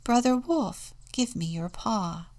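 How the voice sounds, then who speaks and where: A woman reading a storybook aloud, voicing a gentle, calm male friar who speaks kindly. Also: medium pitch, slow, voice pushed up.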